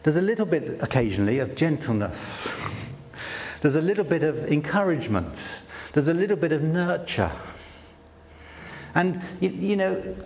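A man speaking at a conference, telling stories in a relaxed, self-deprecating way. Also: a little high, in a large hall. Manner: conversational, self-deprecating storytelling with many restarts. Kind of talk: sermon-style talk.

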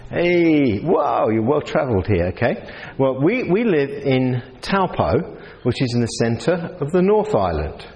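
A man's voice: medium pitch, sing-song, measured pace, a little mellow. A man with a New Zealand accent preaching a sermon in a conversational way, asking his audience questions. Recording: reverberant hall.

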